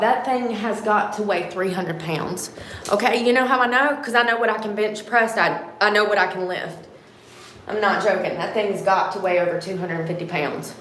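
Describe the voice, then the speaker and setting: A woman chatting casually to her viewers while clearing out a room, rambling, sniffly and a bit out of breath. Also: medium pitch, fairly bright tone. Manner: rambling, talks to herself and viewers, swears lightly. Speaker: vlogger. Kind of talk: casual livestream chat while tidying. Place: room being cleared for painting, indoors. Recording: roomy echo with faint background noise.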